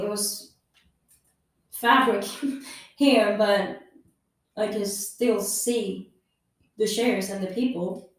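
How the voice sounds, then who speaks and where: A woman hosting a podcast, telling a personal story candidly in non-native English, swearing freely and acting out what others said. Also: mid-range voice. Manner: candid, swears freely, acts out quoted people. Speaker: podcast host. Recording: very echoey room, mic far off.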